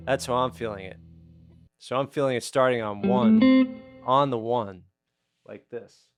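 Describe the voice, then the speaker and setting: A man's voice: medium pitch, measured pace, long pauses. A man giving a casual guitar lesson, explaining rhythm and counting beats aloud while he plays. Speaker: guitar teacher. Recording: loud guitar playing under the voice.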